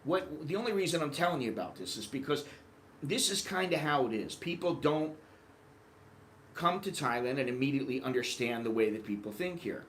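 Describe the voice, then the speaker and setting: A man from the United States telling rambling, animated anecdotes in a casual vlog monologue. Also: medium pitch, fairly quick, a little hiss or hum. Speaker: vlogger.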